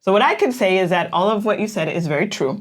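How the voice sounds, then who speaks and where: A woman's voice: mid-range voice, expressive, fast talker. A woman co-hosting a casual chat, talking freely with frequent laughs and fillers. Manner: chatty, laughs often, says "like" a lot. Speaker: co-host.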